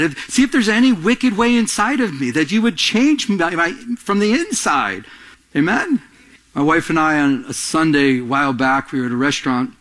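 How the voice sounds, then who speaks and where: Middle-aged male pastor, sermon delivery, higher-pitched man, swings from emphatic loud lines to quiet asides. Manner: acts out little voices in anecdotes, laughs while telling them.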